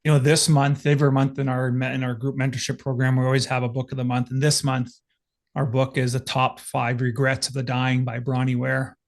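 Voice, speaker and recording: A man's voice: mid-range voice, completely flat delivery, fairly quick, gravelly. A man hosting a podcast, affirming his guest and steadily asking questions. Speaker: podcast host. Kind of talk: podcast interview.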